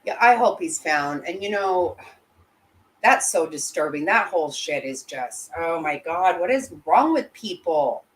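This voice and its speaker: A woman's voice: on the low side, lively intonation, a little slow, poor audio. A woman hosting a casual livestream, answering chat bluntly and indignantly, swearing freely. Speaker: livestream host reading chat.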